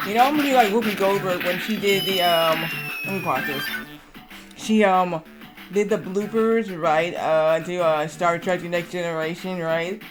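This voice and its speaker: A casual live streamer telling a long, wandering anecdote, tripping over fillers and restarts. The voice sits at an ordinary middle pitch. Background music plays clearly throughout. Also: moderate pace. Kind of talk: casual livestream chat.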